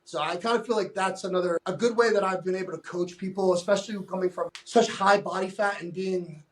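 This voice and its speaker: A man with a high voice for his sex talks as a fitness coach in a casual podcast chat. He is blunt, emphatic and freely profane. He often slips into quoted back-and-forth with his clients. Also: steady tone, a little fast.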